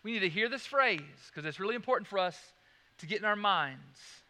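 A man preaching a sermon, swinging from loud emphasis to hushed, slow lines and repeating key phrases. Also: sits high, lively intonation, big-room sound. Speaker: pastor.

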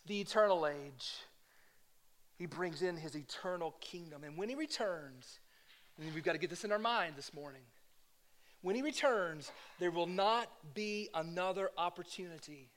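A man preaching a sermon, swinging from hushed lows to loud exhortation and putting rhetorical questions to the congregation. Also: animated, moderate pace. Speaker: pastor.

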